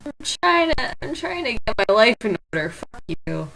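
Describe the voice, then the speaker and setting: A woman hosting her own drawing stream, chatting casually with a friend, blunt and quick to swear and laugh. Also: a little high, big pitch swings, vocal fry, bright, forceful tone, a little hiss or hum, low-quality recording.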